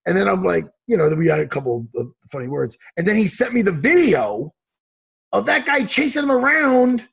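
A man's voice: high-pitched, sing-song, brisk, creaky, breathy edge. A man, an MMA coach, chatting casually on a podcast, ranting heatedly and swearing a lot. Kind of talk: casual chat.

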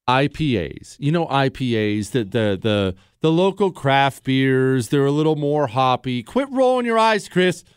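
A man's voice: mid-range voice, clear, resonant tone, no room sound. A man hosting a talk radio show, speaking in a sarcastic, joking monologue and bantering with his producer at a studio microphone.

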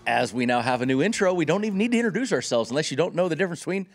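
Casual: west coast guy cohosting, rambly, kinda high voice, keeps restarting. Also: big pitch swings, rapid-fire. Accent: West Coast American. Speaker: co-host. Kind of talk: casual sports-betting chat.

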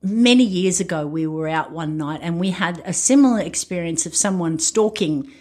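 A woman's voice: fairly low pitch, animated, moderate pace, a little mellow. A middle-aged woman co-hosting a podcast, telling stories in casual chat and laughing often. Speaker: podcast co-host.

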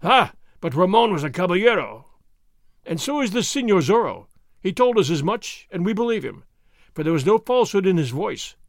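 A man's voice: sits high, sing-song, moderate pace, no room sound, studio quality. A man doing a stern old nobleman. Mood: firm. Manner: forceful, commanding. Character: proud elderly nobleman, stern and commanding.

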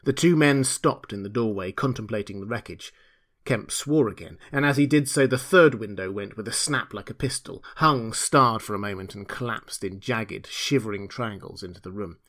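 A man narrating a classic novel as an audiobook, in a measured, dramatic storytelling manner. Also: fairly low pitch, a bit bright.

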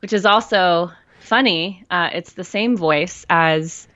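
A woman podcast guest who is getting over a cold, frank and joking, swearing easily in relaxed chat. Her voice sits a little low and sounds close and dry, with a dull, lo-fi tone. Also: slow pace, no room sound.

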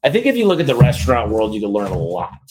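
A man hosting a podcast and answering listener questions in a casual, blunt, rapid-fire way. He sometimes reads lists aloud in a steady rhythm. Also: mid-range voice, faint music behind. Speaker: podcast host and business owner. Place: office with bookshelves.

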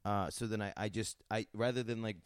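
A young American man chats casually, his voice sitting a little low. He rambles through stops and restarts and laughs easily. The sound is dry and close. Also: steady tone, a little fast, no echo. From upstate New York. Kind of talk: casual chat.

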